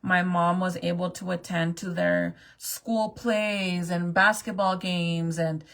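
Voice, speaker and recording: A woman in her late thirties pours her heart out to her viewers in a casual, profane vlog. Her voice sits low with a gravelly edge and a teary catch. She laughs nervously when the tears come. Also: steady tone, takes it slowly, fairly bright tone. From New Mexico. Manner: emotional, swears often, laughs when close to tears. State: tearful. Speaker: vlogger. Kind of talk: casual confessional talk to camera.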